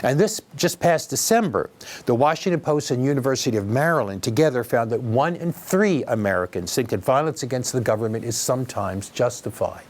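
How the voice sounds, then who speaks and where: A man's voice: medium pitch, animated, fairly quick. A man hosting a news commentary program, giving opinionated, wry remarks and addressing listeners directly. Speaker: commentary host.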